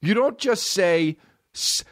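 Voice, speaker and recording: A man in his thirties hosting a comedy podcast, ranting in a profane, animated way. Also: high-pitched, takes it slowly, dry recording, studio quality. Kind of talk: casual comedic rant.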